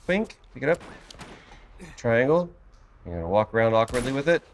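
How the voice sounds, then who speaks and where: A man co-hosting a let's play, coaching a player with playful sound effects and quick jokes. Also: mid-range voice, sing-song, slight background noise. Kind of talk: casual gameplay banter.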